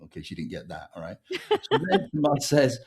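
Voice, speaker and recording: A man from England, a podcast's author guest with an English accent, speaks at normal speed in a mid-range voice. He tells his story animatedly, performing the dialogue as he goes.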